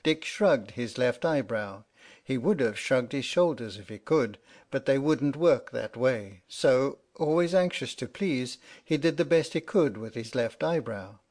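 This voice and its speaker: A man reading a storybook aloud as narrator, in a steady, wry storytelling manner. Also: medium pitch, a little slow. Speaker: audiobook narrator. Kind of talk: scripted narration.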